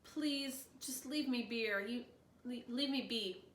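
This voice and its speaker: A woman's voice: on the high side, fairly bright tone, voice pushed up. A woman reading aloud, voicing a frightened man from the woods who stammers and halts. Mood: fearful. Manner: halting, stammering. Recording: roomy distant mic, faint noise.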